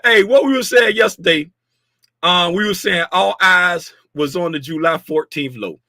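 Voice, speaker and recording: A man hosting a casual livestream about market futures, talking loudly and playfully, joking with viewers and slipping into sing-song bits, with a desk mic about a foot away. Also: high voice, moderate pace, no room sound, studio quality. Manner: playful, chatty, jokes with viewers. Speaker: host reviewing market futures.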